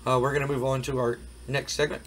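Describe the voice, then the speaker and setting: A hoarse man casually commenting on a wrestling management game, rambling with many fillers. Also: medium pitch, little pitch movement, fast, fairly bright tone, slight background noise, low-quality recording. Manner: rambling, frequent fillers, recapping results. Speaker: game streamer. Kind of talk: casual let's play commentary.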